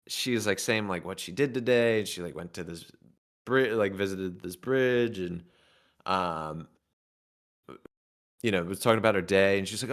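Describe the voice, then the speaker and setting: Guy rambling through a story on a talk show, lowish voice, lots of uh and like, keeps restarting. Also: a bit bright. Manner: halting, full of fillers and restarts. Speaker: guest. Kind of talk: casual storytelling.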